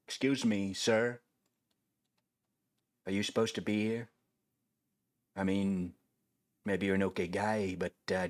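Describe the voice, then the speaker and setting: A brash older politician boasts and tags his lines with "okay?", as a man puts on the impression over a video game. The voice sits fairly low and sounds close and dry. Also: no echo, natural voice. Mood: suspicious.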